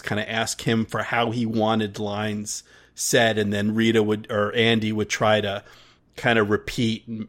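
A man co-hosting a podcast in casual chat, rambling with restarts and frequent laughter. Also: on the low side. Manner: rambling, many restarts and fillers, laughs often. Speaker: podcast co-host.

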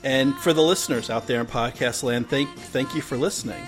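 A man's voice: medium pitch, music in the background. A man hosting a podcast, talking casually with frequent stammered restarts. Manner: halting, stammering restarts, friendly sign-off. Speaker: podcast host.

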